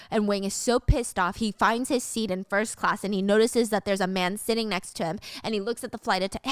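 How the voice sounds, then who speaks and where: A woman recapping a drama in casual, animated storytelling with slang. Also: mid-range voice, a little fast, hardly any pauses, no room sound, clean studio sound. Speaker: recap host.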